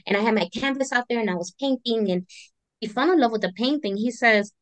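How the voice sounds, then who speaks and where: Her voice sits on the high side and she talks fast, with no room sound. This middle-aged artist and army veteran, a guest in an interview, recounts her story with animation and performs the different voices as she goes.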